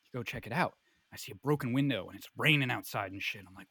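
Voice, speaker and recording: A young man telling a comic story in a rambling, animated way, full of fillers. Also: medium pitch, fast talker, husky, no echo.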